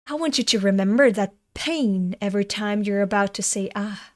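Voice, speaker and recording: A woman's voice: medium pitch, moderate pace, natural voice. A woman voicing a pushy male restaurant manager who lectures his staff about being a family. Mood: preachy. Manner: lecturing, preachy.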